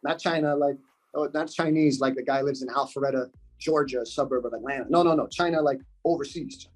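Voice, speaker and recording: A man's voice: mid-range voice, a little fast, poor audio. A man from the United States, a podcast guest talking in a casual interview, earnest and repeating his points for emphasis.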